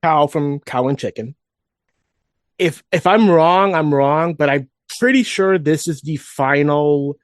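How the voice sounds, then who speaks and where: A man co-hosting a nostalgic fan podcast, talking in a loose, rambling way with many restarts. His voice sits a little high for a man. It is recorded close and dry, with no room sound. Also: no echo. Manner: rambling, with frequent restarts and asides. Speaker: podcast co-host. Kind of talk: casual fan podcast chat.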